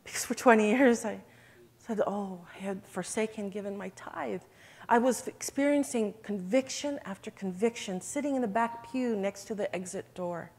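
A woman's voice: medium pitch, normal speed, a little mellow. Woman giving an earnest church testimony. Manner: earnest, emotional, addresses listeners as brothers and sisters. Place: event hall.

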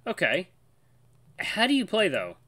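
A man's voice: high-pitched, wildly swooping pitch, measured pace, sharp tone, dry recording, voice pushed up, full character voice. A man voicing an earnest, anxious young male protagonist while reading a visual novel aloud. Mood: eager.

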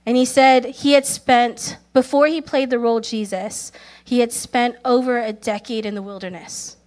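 A woman preaching a sermon, telling stories earnestly, calling for amens, and speaking quoted prayers softly. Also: on the high side, fairly even intonation, normal speed. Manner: earnest storytelling, calls for amens; acts out quoted prayers softly, at times in a whisper.

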